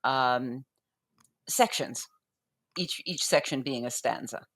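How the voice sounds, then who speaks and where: A woman guest explaining poetry in relaxed conversation, thinking aloud with frequent restarts and sounding out rhythms as da-dum. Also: extremely low pitch, slow pace. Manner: thoughtful, with frequent restarts and fillers.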